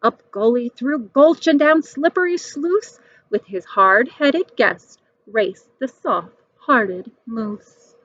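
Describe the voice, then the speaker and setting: Slow expressive woman reading a storybook. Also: on the high side, dry recording. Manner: lively, animated, rhyming delivery. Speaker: storybook reader. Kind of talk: expressive storybook read-aloud. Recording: dull dry recording.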